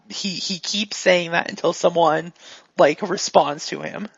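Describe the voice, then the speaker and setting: Woman game master, husky, gravelly, relaxed rambling, dry dull lo-fi sound. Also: fairly low pitch, unhurried, no echo. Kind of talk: narrating a tabletop role-playing game.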